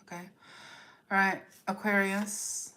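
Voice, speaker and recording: A woman's voice: medium pitch, little pitch movement, takes it slowly, sharp tone, slight background noise. A woman giving a live-streamed tarot reading, talking straight to her viewers, repeating phrases and checking in with "okay?". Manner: addresses viewers directly, repeats phrases, ends points with "okay?". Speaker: tarot reader.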